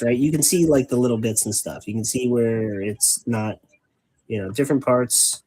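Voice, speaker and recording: Husky, wordy male hobby host. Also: mid-range voice, moderate pace, long pauses, darkish tone, rough recording. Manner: wordy, rambling, self-mocking. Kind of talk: casual chat while painting miniatures.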